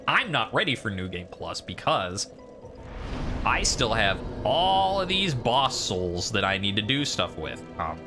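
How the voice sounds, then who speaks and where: A man's voice: fairly low pitch, big pitch swings, measured pace, music in the background. A man streaming a video game, giving casual, rambling commentary and poking fun at himself. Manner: rambling, self-deprecating.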